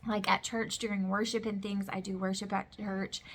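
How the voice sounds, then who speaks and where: A woman's voice: medium pitch, flat delivery, normal speed, slightly rough. A woman in her thirties giving a casual, candid vlog update at home, chatty and full of fillers and restarts. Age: 30s. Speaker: vlogger. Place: home with kids heard in the background.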